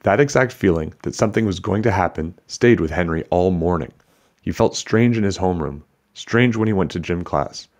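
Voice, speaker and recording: A man reading a children's book aloud, narrating in a steady, even storytelling manner. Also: low voice.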